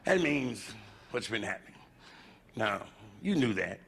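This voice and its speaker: A man's voice: lowish voice, very animated, measured pace, vocal fry, a bit bright, husky. An American man doing a live stand-up routine in a comedy club, brash, profane and swaggering in his delivery. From United States. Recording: noisy 1970s live concert recording.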